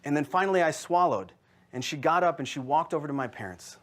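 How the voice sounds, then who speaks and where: A man's voice: fairly high pitch, animated, quick pace, a bit bright. A man in his thirties doing a stand-up comedy set before a live audience, telling stories with quoted voices and asides to the crowd. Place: live venue with audience laughter.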